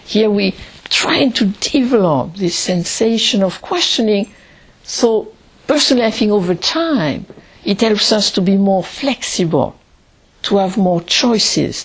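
A woman teaching Zen meditation in a calm, reflective way, pausing often between phrases. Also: medium pitch. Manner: slow, calm and reflective, with long pauses.

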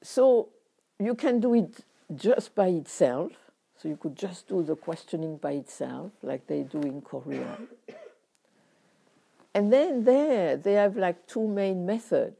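A woman with a deep, mellow voice gives a meditation teaching. Her tone is very dark, with a gravelly edge. She speaks reflectively, in short phrases broken by frequent pauses. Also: animated.

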